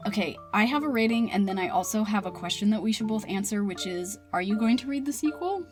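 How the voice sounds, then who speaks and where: A woman co-hosting a casual book club podcast, chatty and hedging, quick to play down her own opinions. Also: mid-range voice, soft background music. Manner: lively, hedging, self-deprecating. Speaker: podcast co-host.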